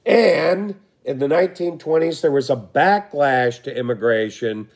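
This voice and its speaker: A man teaching a recorded history lesson, his voice going hoarse, talking in a relaxed way with frequent fillers and throat clearing. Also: fairly high pitch, a little slow.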